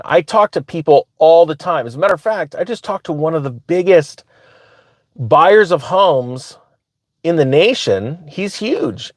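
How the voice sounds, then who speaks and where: A man hosting his own channel, telling a story in a casual, animated way and often laughing as he talks. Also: on the high side, no echo. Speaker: finance commentator, channel host.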